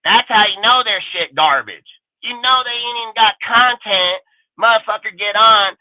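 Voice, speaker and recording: A man with a high voice hosts a sports talk panel and lets loose a furious, profanity-laced rant. He talks aggressively, boasts, and fires off insults one after another. His voice comes through tinny and phone-like, with a dry sound. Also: moderate pace, no room sound. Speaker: show host.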